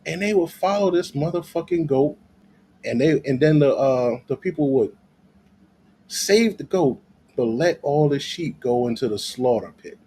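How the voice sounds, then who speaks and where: A man's voice: fairly high pitch, lively intonation, moderate pace, dark tone, slight background noise. A man giving loose, profane commentary in a vlog, laughing often as he rants. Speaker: vlogger.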